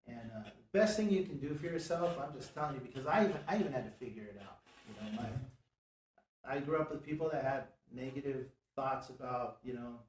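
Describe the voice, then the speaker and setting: A man's voice: medium pitch, animated, brisk. A man hosting a casual motivational chat in a studio, talking in an earnest, preachy way and leaning on "you know" a lot. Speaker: show host and business owner. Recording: roomy, distant from the mic.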